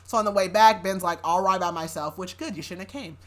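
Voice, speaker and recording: A young adult woman hosting a podcast, retelling a story in loose, casual chat. Her voice sits a little low for a woman, and she fills her talk with "like" and easy laughter. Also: fast, fairly bright tone. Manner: chatty, laughing often, heavy use of "like". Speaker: podcast host recapping a novel.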